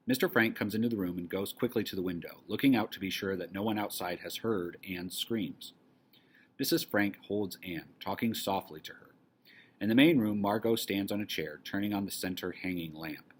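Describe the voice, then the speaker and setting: A man's voice: fairly low pitch, husky. A man teacher greeting his class casually and reading the stage directions of a play aloud. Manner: casual and encouraging, then steady narration.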